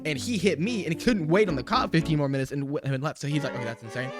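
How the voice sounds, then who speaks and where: A man's voice: fairly high pitch, rapid-fire, over music. A young man animatedly retelling a story in a slangy storytime vlog, often saying "bro". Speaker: vlogger.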